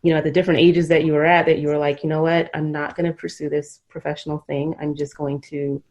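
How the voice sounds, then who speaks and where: A woman's voice: low voice, flat delivery, quick pace, a little mellow, highs cut off. A middle-aged woman hosting a podcast interview, talking in an earnest, reflective, rambling way. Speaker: podcast host. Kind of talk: emotional conversational interview.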